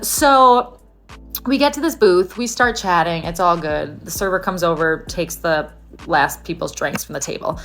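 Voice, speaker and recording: A woman's voice: lowish voice, a bit bright. A young woman telling a dating story in a chatty way, full of "like" and acted-out quotes. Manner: chatty, lots of "like" and quoted dialogue. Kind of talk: casual storytime.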